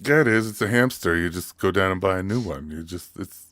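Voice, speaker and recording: A man's voice: low-pitched, a little fast, a bit bright, dry recording, studio quality. A man co-hosting a casual comedy podcast, blunt and exasperated, swearing heavily. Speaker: podcast co-host.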